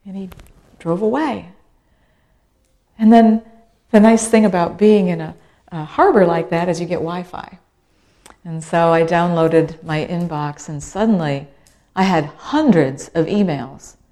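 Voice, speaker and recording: Middle-aged woman, animated storyteller. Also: lowish voice, measured pace, long pauses. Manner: animated storyteller, acts out quoted voices; repeats phrases for rhythm. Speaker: author and speaker. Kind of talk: storytelling talk.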